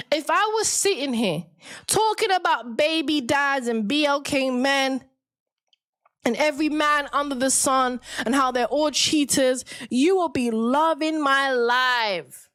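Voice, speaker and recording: High-voiced woman ranting combatively. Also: a bit bright. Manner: combative, mocking, lecturing. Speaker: livestream debate host. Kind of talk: confrontational live-stream rant.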